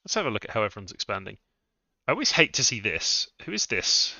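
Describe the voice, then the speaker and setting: Bright-voiced man streaming a strategy game. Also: lowish voice, very animated, quick pace, creaky, dry recording. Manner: thinking aloud, musing over moves. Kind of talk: live-streamed strategy gameplay commentary. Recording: dull lo-fi dry mic sound.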